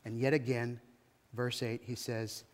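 A man's voice: medium pitch, level tone, measured pace, big-room sound. A man preaching a sermon as a pastor, retelling a story in a conversational, dramatic way.

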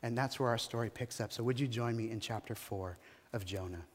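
Animated male pastor preaching in a big hall. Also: mid-range voice, brisk. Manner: animated, shifting volume, asks the congregation to respond. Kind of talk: sermon.

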